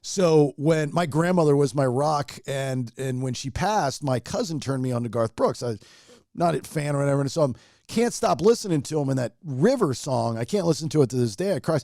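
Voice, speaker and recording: A man's voice: on the high side, lively intonation, a little fast, a little mellow, no room sound, clean studio sound. A man who is a radio personality, a guest on a podcast, telling a heartfelt personal story in a rambling, emotional way with many restarts. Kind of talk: casual storytelling chat.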